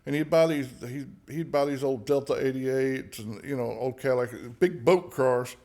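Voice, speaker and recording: A man's voice: mid-range voice, moderate pace, dark tone. A man, a songwriter guest on a podcast, telling personal stories in a frank, profane, joking way with many restarts. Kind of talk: candid conversational storytelling.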